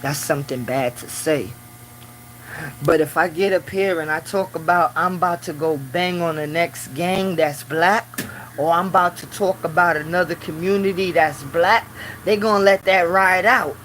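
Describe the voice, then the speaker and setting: A man with a voice on the high side livestreams casually from his small office at work, speaking at a moderate pace in loose run-on phrases packed with "you know." When something riles him he turns loud and preachy. The recording is low quality, with slight background noise.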